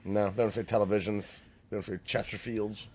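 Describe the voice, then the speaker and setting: A man co-hosting a casual podcast chat, profane and quick to laugh, often acting out the voices of people he describes. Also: fairly low pitch, flat delivery, darkish tone, slightly rough. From Canada. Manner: profane, laughs a lot, acts out quoted voices. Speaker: podcast co-host.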